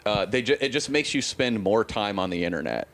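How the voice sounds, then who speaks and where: A man's voice: on the low side, lively intonation, a little fast, fairly bright tone. A man co-hosting a casual comedy chat, rambling through stories and acting out the people in them. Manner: rambling storyteller, acts out quotes with swearing. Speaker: podcast co-host.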